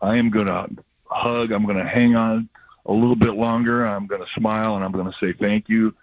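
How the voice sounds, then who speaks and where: An older man with a husky, somewhat low voice talks in a reflective, rambling way, telling stories as a radio regular. The sound is dry and dull, like a lo-fi radio broadcast. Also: little pitch movement, brisk, dry recording. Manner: reflective, rambling storyteller with laughs. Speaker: baseball broadcaster, regular guest. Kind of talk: emotional casual radio chat.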